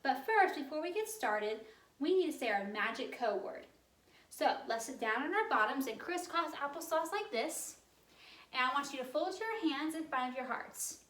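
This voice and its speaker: High-voiced woman leading kids' yoga. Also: lively intonation, moderate pace, fairly bright tone, echoey room. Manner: cheerful, sing-song instructions to young kids. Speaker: children's storytime leader. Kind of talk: guiding a children's yoga storytime.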